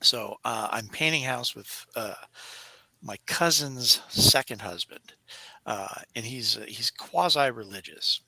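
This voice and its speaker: A man hosting a podcast, chatting casually and telling animated stories full of acted-out voices. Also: mid-range voice, measured pace, gravelly, no room sound. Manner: animated storyteller who acts out voices. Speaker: podcast host. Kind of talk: casual chat.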